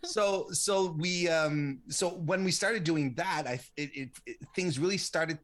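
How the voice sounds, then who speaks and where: The interviewee, a man in his late forties who runs a women's wrestling site, speaks unhurriedly with a fairly high, bright voice. He answers casually, rambling through many restarts and fillers.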